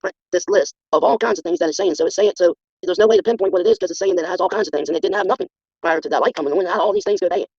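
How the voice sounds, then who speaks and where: A middle-aged or older guest on a casual livestream, emphatic and defensive, who talks in rushes. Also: medium pitch, creaky, a little mellow, husky, no echo. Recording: muffled lo-fi stream audio.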